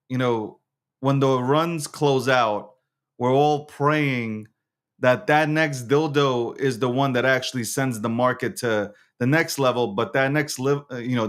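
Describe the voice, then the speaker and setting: A man's voice: medium pitch, fairly bright tone. A man hosting a casual crypto market monologue, slangy and swearing, who keeps breaking into fits of giggles. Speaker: host of a crypto news show.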